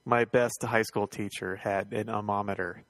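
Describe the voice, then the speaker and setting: A man's voice: lowish voice, moderate pace, a little hiss or hum. A man co-hosting a podcast, telling school stories in casual chat and laughing as he goes. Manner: animated anecdote-teller who laughs through his stories. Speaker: podcast co-host.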